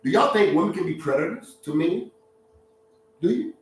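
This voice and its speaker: A social media talk host delivers a casual live-stream monologue, joking, laughing often and acting out voices. His high voice has lively intonation at normal speed, recorded far from the mic in an echoey room with slight background noise.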